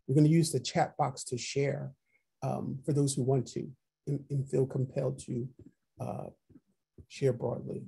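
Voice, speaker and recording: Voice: mid-range voice, little pitch movement, measured pace, gravelly, mellow, breathy edge. A workshop trainer leading an online training session, posing reflective questions, repeating them, and reading out participants' chat replies over a video call. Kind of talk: online training webinar facilitation.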